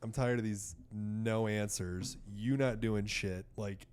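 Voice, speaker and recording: This American man in his thirties, a podcast guest, has a smooth, lowish voice and takes his time. He tells his story in casual chat, animated and profane, putting on voices to quote doctors.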